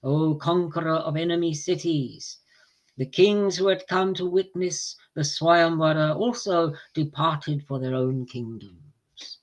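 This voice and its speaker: A man reads an ancient epic aloud to a small group. His delivery is slow and measured, with clear pauses between phrases. His voice sits slightly higher than most men's. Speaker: reader of scripture to a group.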